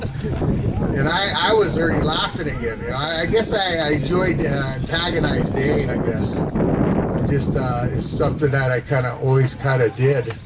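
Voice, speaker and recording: A man's voice: a little high, heavy background noise. A man reminisces about a hunting trip at a memorial, chuckling and rambling with many fillers. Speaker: memorial speaker, hunting companion. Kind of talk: casual reminiscing at a memorial service.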